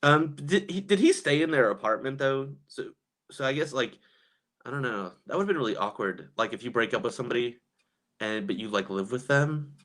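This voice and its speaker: A man chatting casually on a live stream, gossipy and quick to laugh, reading viewers' comments aloud and reacting. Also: mid-range voice, lively intonation, fairly bright tone.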